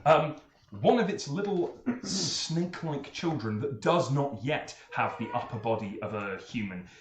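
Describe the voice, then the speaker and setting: A man narrating as game master, playful and animated, jumping up in pitch for emphasis. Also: a little slow. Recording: echoey room mic with faint noise.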